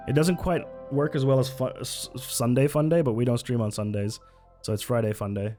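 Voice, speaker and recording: Soft background music plays as this young livestreamer talks in a brisk, medium-pitched voice with a dark tone. His casual chat wanders, jokes around, and keeps breaking off partway through sentences.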